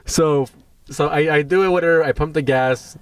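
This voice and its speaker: A man co-hosting a podcast, swearing and giggling as he spins a story. He sits a little back from the mic and sounds somewhat distant. His voice sits fairly high for a man. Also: moderate pace, smooth, no echo. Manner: profane, giggly storyteller, says "dude" a lot. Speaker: podcast co-host. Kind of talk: casual chat, storytelling.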